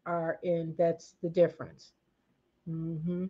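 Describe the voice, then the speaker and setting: A woman gives blunt, slangy commentary on her vlog in a fairly high voice. She stresses her points hard and often breaks off and restarts mid-sentence. The recording is slightly muffled and lo-fi. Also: lively intonation, moderate pace. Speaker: commentary vlogger. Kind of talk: casual opinionated commentary.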